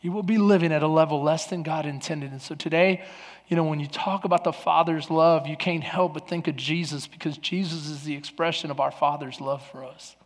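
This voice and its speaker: A man preaching a sermon as pastor. His delivery is loud and lively, then drops to soft, earnest talk, and he repeats words and restarts often. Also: fairly high pitch, brisk, long reverb tail. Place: large church.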